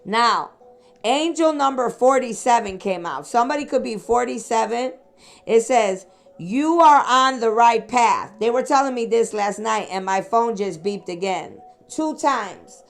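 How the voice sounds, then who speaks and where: A woman's voice: on the high side, unhurried, vocal fry. Rambling woman giving a psychic reading. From Chicago area, USA. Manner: rambling, addresses listeners directly with "okay?" and "sweetheart". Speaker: psychic reader. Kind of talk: casual spiritual reading monologue.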